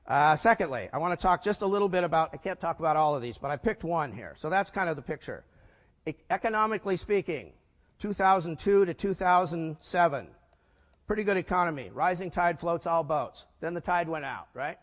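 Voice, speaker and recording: A man's voice: fairly high pitch, lively intonation, a little fast. A man in his sixties giving a business talk at a conference, punchy and full of rhetorical questions for the audience. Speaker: keynote speaker. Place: conference hall. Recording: long hall reverb.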